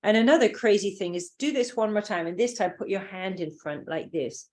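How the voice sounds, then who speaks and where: With a British accent, this woman from England runs a group lesson as a workshop teacher, wandering through her explanations and using many fillers. She speaks briskly and animatedly at a medium pitch, her tone a little mellow.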